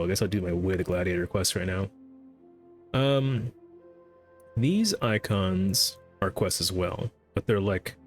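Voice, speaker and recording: A man streaming a game, chatting casually, brushing off the game's dialogue and stumbling over his words as he goes. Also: deep voice. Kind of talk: casual gameplay commentary.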